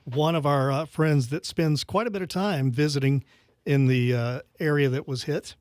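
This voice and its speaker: A man's voice: a little high, normal speed, a little mellow, no room sound. A man hosting live radio from a studio, speaking in loose, easygoing phrases. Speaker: radio host.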